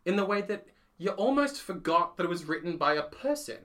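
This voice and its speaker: A man co-hosting a casual theatre chat, animated and quick to laugh and act out quotes. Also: sits high. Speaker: podcast co-host; playwright.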